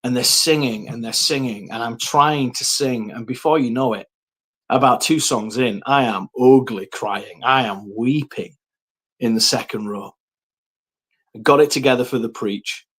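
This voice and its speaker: Man, mid-pitched voice, earnest, reflective personal testimony, hesitant ums. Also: unhurried, a bit bright, husky. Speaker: person sharing his life story.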